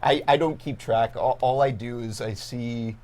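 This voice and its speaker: Rambling, animated male voice actor. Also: mid-range voice, normal speed. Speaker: voice actor guest. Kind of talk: casual interview chat.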